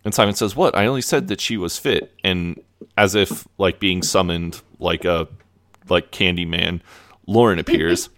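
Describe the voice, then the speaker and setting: A man's voice: sits low, moderate pace, a bit bright. A man co-hosting a podcast, retelling a TV episode in a loose, chatty way with plenty of fillers. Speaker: podcast co-host. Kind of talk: casual episode recap.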